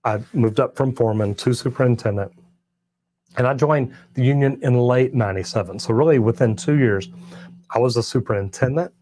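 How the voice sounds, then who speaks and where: A middle-aged master plumber from Texas hosts a live stream, answering viewer comments in a friendly, encouraging manner and often repeating himself. His voice is medium-pitched and mellow, and he talks a little fast.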